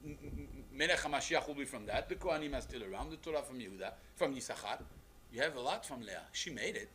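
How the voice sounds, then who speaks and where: A rabbi teaching a class, speaking in an animated, emphatic way with frequent rhetorical questions. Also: male voice, mid-range voice, quick pace, slight background noise. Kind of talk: lecture on a text.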